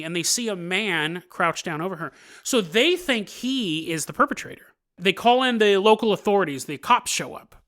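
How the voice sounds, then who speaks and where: A man hosting a podcast, telling a story casually with joking asides and quick laughs. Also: high-pitched, expressive, a bit bright. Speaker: podcast host.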